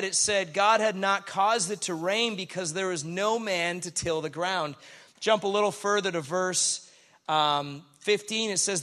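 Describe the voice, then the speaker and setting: A man's voice: high-pitched, bright, forceful tone. A middle-aged man, a pastor preaching a sermon full of chatty, self-deprecating stories.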